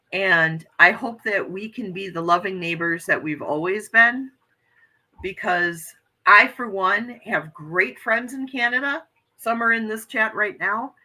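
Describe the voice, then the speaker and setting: A woman's voice: medium pitch, pushed and bright, rough recording. An American woman hosting a casual livestream chat, talking earnestly and reading viewer comments aloud. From United States.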